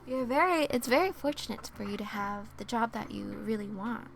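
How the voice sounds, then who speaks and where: A young woman talks softly through an oracle card reading, musing aloud and apologising for hiccups along the way. Her voice sits a little high, with a gravelly fry at the ends of her words. Faint hiss sits under the stream audio. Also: animated, a little fast. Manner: soft, chatty, apologetic, thinks aloud. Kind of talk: soft-spoken ASMR card reading.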